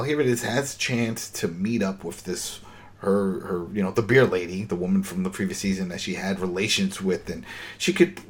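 Male host, husky low voice, lively casual recap storyteller. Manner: animated storyteller, acts out dialogue. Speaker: podcast host recapping a TV episode.

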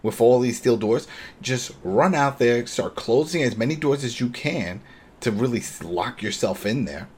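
A man co-hosting a casual recap chat, retelling scenes with lively acted-out lines. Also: medium pitch, moderate pace, a little hiss or hum. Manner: animated retelling, acts out characters' lines. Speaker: podcast co-host.

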